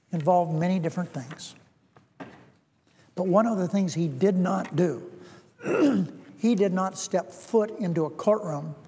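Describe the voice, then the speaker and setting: A man with a fairly high, mellow voice delivers a formal floor speech as a senator. He speaks deliberately and circles back to repeat key phrases for emphasis. His voice carries the long reverb of a large legislative chamber, picked up by a podium microphone.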